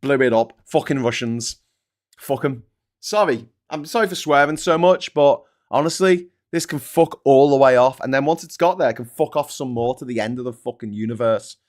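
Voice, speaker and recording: A British man hosting a political livestream and ranting with open anger. He swears constantly and lurches between loud outbursts and quiet, mumbled asides. His voice sits at an ordinary middle pitch. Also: moderate pace. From Britain. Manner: angry, sweary, swings between shouting and mumbling. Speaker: livestream host.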